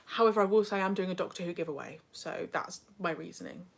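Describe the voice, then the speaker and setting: A woman's voice: on the low side, fast talker, vocal fry. Young female livestream host, chatty and self-mocking, casual home webcam sound. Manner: chatty, self-deprecating, drifts into whispers. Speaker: livestream host reading chat. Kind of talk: casual live chat.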